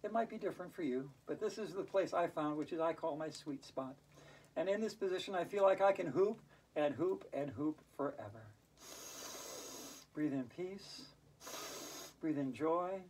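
A woman teaching a hula hoop yoga class, playful and chatty, breaking into sing-song rhymes and laughing out loud on cue. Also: low voice, animated, moderate pace, pauses often, breathy edge. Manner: chants rhyming verses in a sing-song. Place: indoors while it snows outside. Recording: voice from a distance off the mic.

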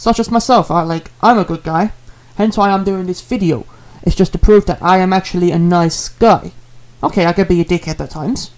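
A man's voice: sits high, brisk, few pauses. Rambling earnest man. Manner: rambling, repetitive, earnest with fillers. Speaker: streamer apologizing to a viewer. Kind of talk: casual apology vlog.

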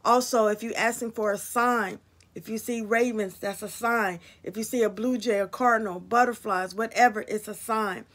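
Lady doing a casual card reading for her viewers, blunt, curses a lot, kinda high voice. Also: fairly even intonation, moderate pace, a bit bright. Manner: blunt, emphatic, swears freely. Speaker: spiritual card reader. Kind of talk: casual spiritual talk to viewers.

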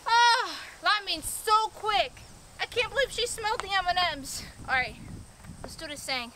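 A woman vlogging outdoors, excitedly calling out as she hunts for a lost toy llama. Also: very high voice, moderate pace, slight background noise. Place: outdoors in woods.

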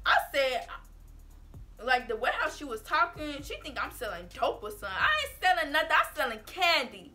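Sassy, bright-voiced woman telling a story. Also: sits high, fairly quick, faint music behind. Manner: animated, sassy, full of "like" and "baby". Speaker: vlogger. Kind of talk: casual storytime.

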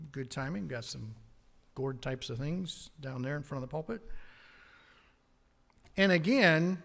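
A man's voice: on the high side, moderate pace, a bit bright. A man preaching a sermon as pastor from a church pulpit, emphatic and often chuckling between points. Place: church sanctuary.

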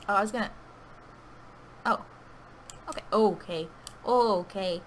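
A woman giving anxious, pleading live commentary on her own gameplay, with sudden loud outbursts. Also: mid-range voice, moderate pace, pauses often, a little hiss or hum, poor audio. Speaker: gaming video creator. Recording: keyboard clicking audible behind voice.

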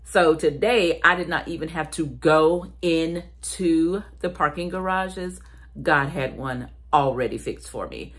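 Speaking at a measured pace, this woman has a low, slightly bright voice. A vlogger from South Carolina, she addresses her viewers as "y'all" in a relaxed Southern US accent.

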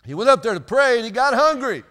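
A man's voice: extremely high pitch, sing-song, fast talker, sharp tone. A man preaching a sermon in a church, chatty and joking with the congregation between readings. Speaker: pastor. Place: church sanctuary.

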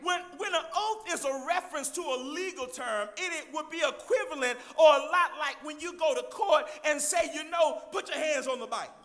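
A man preaching a sermon, loudly addressing the congregation as church, with a gravelly edge. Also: very high voice, moderate pace, few pauses. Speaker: pastor.

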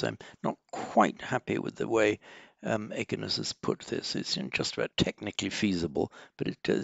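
A man teaching a Sanskrit lesson, thinking aloud with frequent ums and restarts and slowing down to spell out words. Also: medium pitch, gravelly, no echo. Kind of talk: classroom lesson walking through exercises.

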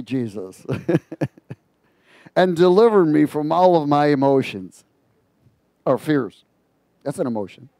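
An animated male preacher with a fairly high voice, talking through a psalm and poking fun at his listeners as he goes. His sound is dry and close, with almost no room around it. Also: no echo. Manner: animated, mocking and laughing at his own asides. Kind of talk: informal sermon on a psalm.

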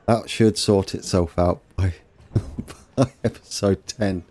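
Slow, low-voiced gaming host. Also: male voice, fairly even intonation, darkish tone. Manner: self-deprecating, chatty, talks to viewers while fixing trains. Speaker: let's play host. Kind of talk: casual gameplay commentary.

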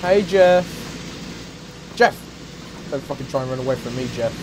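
A man giving excitable, profane let's play commentary as a gaming YouTuber, trash-talking and shouting now and then. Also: medium pitch, quick pace, background noise. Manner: shouts and whoops suddenly. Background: game music.

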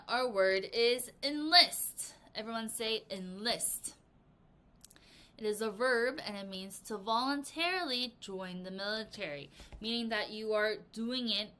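A woman English teacher walking young students through a vocabulary lesson and acting out the example sentences. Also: medium pitch. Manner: animated, acts out example sentences. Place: language academy in Korea.

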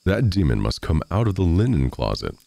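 A man playing a greedy, curious old-tale miller, blustering and raised, gravelly underneath. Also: deep voice, sing-song, brisk, mellow, no echo, full character voice. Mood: eager.

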